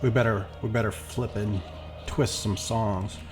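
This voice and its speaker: Low-voiced man chatting over gameplay. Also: fairly even intonation, unhurried. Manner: chatty, rambling, acts out quotes. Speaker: gameplay streamer. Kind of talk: casual commentary while playing. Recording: faint background music.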